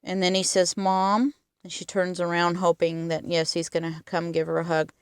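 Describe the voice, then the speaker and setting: A woman's voice: on the low side, monotone, a little fast, smooth, no echo. A woman retelling a film's plot in earnest detail, stressing its emotional moments. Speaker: film reviewer.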